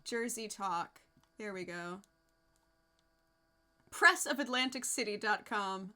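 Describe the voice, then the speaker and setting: A woman's voice: mid-range voice, takes it slowly, sharp tone. A woman streamer giving wry, exasperated casual commentary as she reacts to clips.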